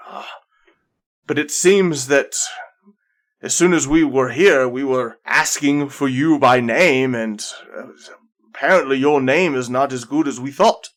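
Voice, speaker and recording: A man's voice: medium pitch, a bit bright, lightly acted. A man voicing Bladry, a steadfast male clan leader, who recounts events plainly and hesitantly. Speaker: character voiced by the game master. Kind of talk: improvised tabletop role-play.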